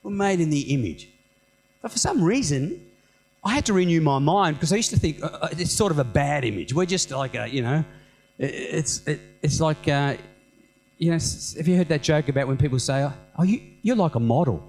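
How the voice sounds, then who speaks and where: A middle-aged man preaching a sermon as senior pastor, animated and conversational, with humorous self-mocking asides. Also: fairly high pitch, brisk, soft background music, low-quality recording.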